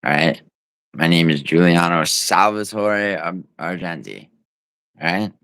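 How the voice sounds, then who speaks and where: A man with a very low, smooth voice talks loosely to his livestream chat, teasing viewers and swearing as he rambles. He is at home and sounds dry and close, with no room around him. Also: a little slow, fairly bright tone, no echo. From United States. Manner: rambling, teasing, profane banter.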